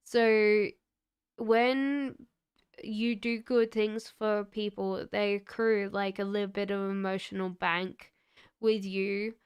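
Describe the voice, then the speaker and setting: A woman giving tarot readings on a live stream, talking gently and reassuringly with frequent fillers. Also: medium pitch, steady tone, slow pace, clear, resonant tone. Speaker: tarot reader.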